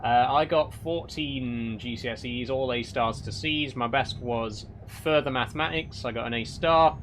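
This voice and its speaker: A man's voice: medium pitch, a little slow, fairly bright tone, a little hiss or hum. A young man casually chatting with a live audience while he plays a truck driving game, reading out their questions and answering with mock exasperation. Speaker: streamer reading live chat.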